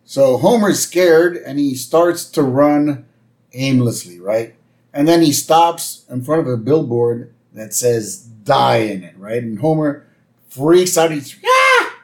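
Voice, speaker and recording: A man co-hosting a podcast, casually recapping a cartoon episode with quick impressions. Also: mid-range voice. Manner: animated retelling with quick impressions. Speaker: podcast co-host.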